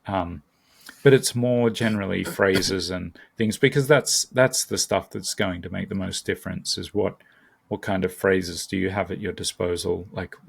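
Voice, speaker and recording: A man's voice: low voice, steady tone, normal speed, vocal fry, breathy edge. A man, a guest in a casual conversation, talking thoughtfully with frequent ums and restarts. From Australia. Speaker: guest, language learner and YouTuber.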